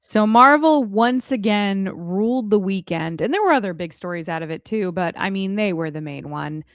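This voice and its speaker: A woman's voice: medium pitch, expressive, moderate pace, no room sound. A woman hosting a casual podcast chat, leading the talk with chatty asides. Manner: chatty, leads the discussion with asides. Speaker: podcast host.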